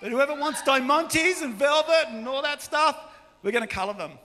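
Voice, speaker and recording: An Australian pastor delivers a lively, joking sermon in a large church hall, often shouting. His voice is very high-pitched at a moderate pace, and the recording carries the hall's long reverb.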